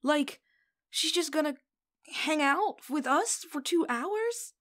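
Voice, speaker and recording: A woman voicing an excitable, tipsy young woman witch whose voice climbs high and squeaky. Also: moderate pace, natural voice. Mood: thrilled.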